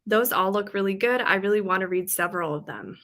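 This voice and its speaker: A woman's voice: mid-range voice, a little fast, a bit bright. A young woman chatting casually on a live stream as host, giggly and full of filler words. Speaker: livestream host.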